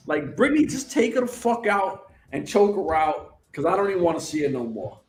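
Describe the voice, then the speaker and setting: A man co-hosting a casual wrestling chat show, telling stories in an animated, excitable way with plenty of swearing. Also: sits high, moderate pace, roomy sound, faint music behind. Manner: animated, profane, excitable storytelling. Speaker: co-host.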